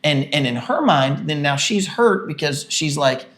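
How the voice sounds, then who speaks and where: A man's voice: a little high, animated, a little slow, a bit bright. A man co-hosting a casual podcast with his wife, chatty and self-deprecating, acting out what he said in quotes. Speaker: podcast co-host, pastor. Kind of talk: casual conversation.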